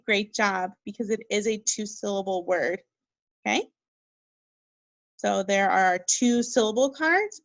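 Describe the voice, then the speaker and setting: A woman teaching a second grade phonics lesson, speaking slowly and encouragingly and spelling words out letter by letter. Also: medium pitch, no echo, low-quality recording. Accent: Minnesota. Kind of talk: recorded remote phonics lesson.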